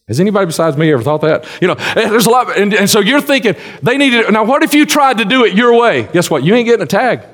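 Pastor guy preaching casual and homey, kinda high voice, big echoey church sound. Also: fairly bright tone. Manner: folksy and conversational, with frequent restarts. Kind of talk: sermon.

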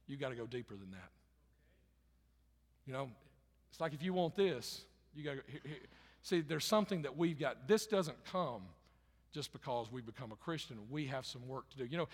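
Guy preaching, medium pitch, repeats stuff for emphasis, gets loud then drops soft, big echoey church. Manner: rises loud for emphasis, drops quiet and low; repeats phrases, conversational preaching. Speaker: pastor. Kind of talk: sermon. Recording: long hall reverb.

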